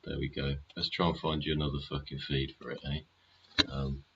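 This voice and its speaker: A man's voice: rumbling low, level tone, moderate pace, highs cut off, heavy background noise. A man hosting a live stream, chatting casually and sardonically, swearing often and asking rhetorical questions. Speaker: livestream host.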